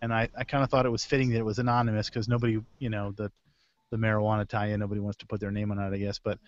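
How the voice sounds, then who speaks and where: A man's voice: on the low side, little pitch movement, racing, dry recording, lo-fi sound. A man hosting a casual beer podcast over a video call, rambling through release news and correcting himself as he goes. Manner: rambling, self-correcting, chuckles between items. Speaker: podcast host.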